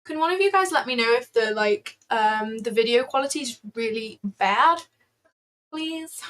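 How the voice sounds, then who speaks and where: A woman's voice: fairly high pitch, lively intonation, normal speed, fairly bright tone. A woman hosting a casual trading livestream, chatting freely with lots of fillers and answering viewers as she goes. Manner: chatty, filler-heavy, answers chat aloud.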